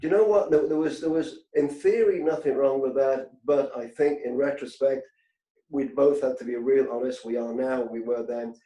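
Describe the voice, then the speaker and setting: A man's voice: medium pitch, moderate pace, dark tone, roomy sound, rough recording. A man being interviewed, telling anecdotes in a chatty, self-deprecating way with frequent restarts. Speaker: guest, industry executive. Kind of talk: casual anecdotal chat.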